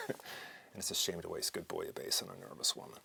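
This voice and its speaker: A deep-voiced, teasing flirt , played by a man in a scene. His pitch swings widely as he jokes, wry and easygoing in a stage-scene style. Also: huge pitch swings, fairly quick, vocal fry, bright, forceful tone, slight background noise, heavily acted. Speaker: actor in a scene.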